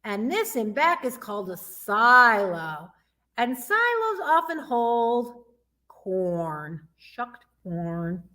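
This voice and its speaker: Woman, youth librarian, from Michigan, children's story time, sing-song, imitates animal sounds, bright voice, unhurried. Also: a little high, sing-song.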